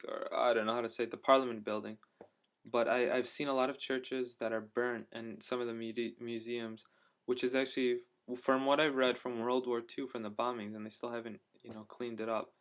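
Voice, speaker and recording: A man's voice: medium pitch, flat delivery, brisk. A young man talking casually in a travel vlog, rambling and hesitant with many fillers and restarts. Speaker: travel vlogger.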